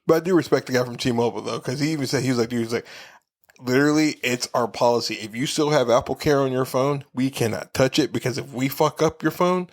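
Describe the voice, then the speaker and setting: A man co-hosting a podcast, telling a story in casual, profane chat and acting out the people he quotes with animated, shifting voices. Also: medium pitch, quick pace. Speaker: podcast co-host.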